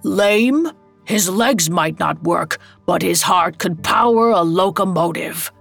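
A towering male Christmas spirit, put on by a woman narrator, grave and commanding in a storybook reading. He speaks slowly and unhurried, with a gravelly edge, faint music beneath. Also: on the low side, a bit bright, exaggerated voice. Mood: solemn.

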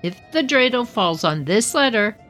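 A woman's voice: on the high side, very animated, moderate pace, a bit bright, soft background music, pitched above the performer's own voice. A woman voicing a sly, cheerful male trickster who teases with false sympathy. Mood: coaxing. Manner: sweetly smug, falsely sympathetic.

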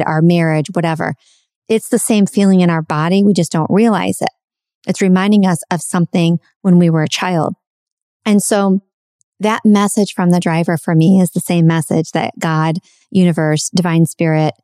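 Earnest woman, low mellow voice. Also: no room sound, studio quality. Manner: earnest, repeats phrases for emphasis. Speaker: podcast host. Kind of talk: reflective spiritual self-help talk.

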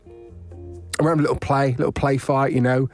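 A man co-hosting a casual podcast, telling a lively anecdote with laughter and acted-out voices. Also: mid-range voice, moderate pace, soft background music. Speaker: podcast co-host. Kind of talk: casual storytelling chat.

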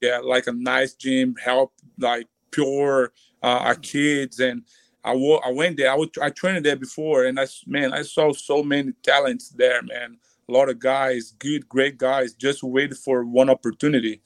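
A man from Brazil with a Brazilian accent, a guest in a casual interview, who talks haltingly, repeats words and thanks people warmly. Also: medium pitch, little pitch movement, no echo. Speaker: guest fighter.

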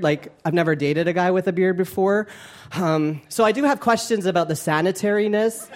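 A young man doing a stand-up comedy set on stage, campy, playful and self-mocking. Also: high voice. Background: audience laughter.

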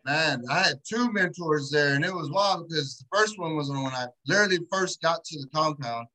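A man in an interview, telling stories in animated, slangy, profane street talk. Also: fairly high pitch, brisk, rough recording. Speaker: guest, entrepreneur. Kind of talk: casual interview storytelling.

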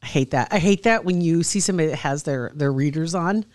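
A woman's voice: sits low, quick pace, a little mellow. A woman co-hosting a casual podcast, telling a story in a chatty, amused way. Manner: chatty, amused, laughs often. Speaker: podcast co-host.

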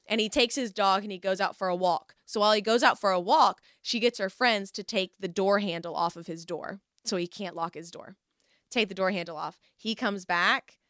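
A young woman telling a story in casual chat, animated and acting out what people said. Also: mid-range voice, normal speed, dry recording, clean studio sound. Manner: animated storyteller, acts out quoted voices.

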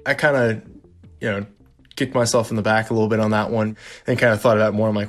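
A man, a veteran who drives deliveries, recounting a story in a relaxed, self-deprecating way with frequent "kinda" and "like". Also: on the low side, quick pace, faint music behind. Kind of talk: storytelling interview.

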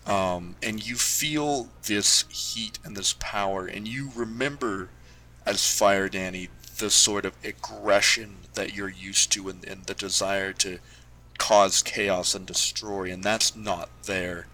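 A man narrating as game master in a loose, halting way, with frequent restarts. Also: on the low side, fairly even intonation, bright, forceful tone, rough recording.

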